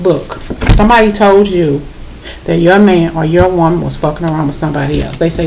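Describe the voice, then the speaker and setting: A woman's voice: fairly low pitch, measured pace, vocal fry, long pauses, background noise. A woman giving a casual spoken tarot reading, emotional and blunt, swearing and checking in with "okay?". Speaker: tarot reader.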